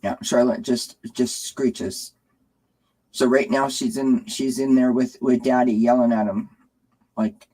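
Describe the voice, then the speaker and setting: A woman in her forties hosting a live stream from home, chatting warmly with viewers and cooing at her cats, with lots of fillers. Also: rumbling low, level tone, unhurried, slightly rough, low-quality recording. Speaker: tarot channel host.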